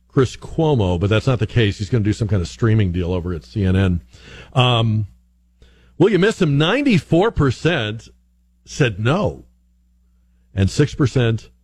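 A man hosting a call-in radio talk show, chatty and animated, now and then mimicking other voices as he tells stories. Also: mid-range voice. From northern United States. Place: radio studio.

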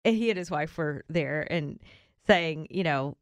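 A woman with a Southern US accent hosting a Christian morning radio show, animated and often laughing. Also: sits low, a little slow, dry recording, clean studio sound. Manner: animated and laughing, reads devotionals. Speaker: radio host.

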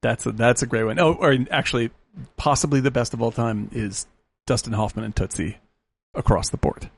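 A man with a gravelly, fry-edged voice talks films on a podcast. He rambles with enthusiasm and swears freely. His pitch sits in a middle range for a man. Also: a little fast. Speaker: podcast co-host. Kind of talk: casual film chat.

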